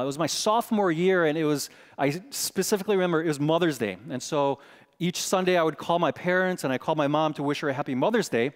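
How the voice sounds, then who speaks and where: A middle-aged man preaching a sermon in a chapel and telling a personal story with animated delivery, acting out the voices in his quotes. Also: on the high side, in a large hall. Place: large chapel.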